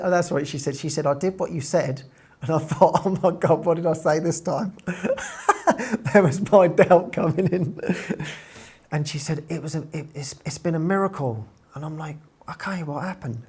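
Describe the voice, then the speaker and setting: A woman retelling a spiritual story in a casual, earnest way, rising into excited bursts as she quotes herself. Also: low-pitched, breathy edge. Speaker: spiritual teacher.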